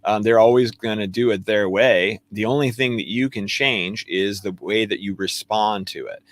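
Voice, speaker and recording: A man's voice: lowish voice, normal speed. A man co-hosting a spiritual self-help conversation, earnestly explaining ideas and acting out inner dialogue. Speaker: co-host.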